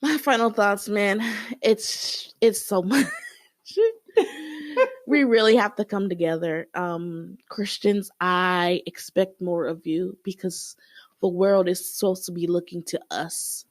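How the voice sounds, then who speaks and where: A woman's voice: on the low side, fairly even intonation, slow pace, no echo, clean studio sound. Earnest woman making her case. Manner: earnest, persuasive. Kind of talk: faith-based podcast chat.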